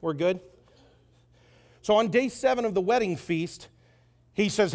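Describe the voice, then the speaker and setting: A man's voice: high-pitched, a little slow. A man preaching a sermon as conversational, joking storytelling, with asides to the audience.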